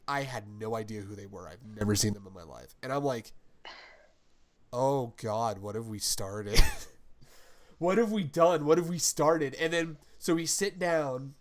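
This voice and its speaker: Rambling, joking male podcast host. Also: a little high. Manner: rambling, laughing storyteller with crude jokes. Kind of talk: casual podcast chat.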